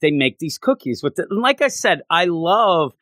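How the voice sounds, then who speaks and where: A man's voice: fairly high pitch, very animated, normal speed, a bit bright, no room sound. A man in casual chat, enthusiastically retelling story scenes and slipping into acted quotes. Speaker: co-host discussing a manga.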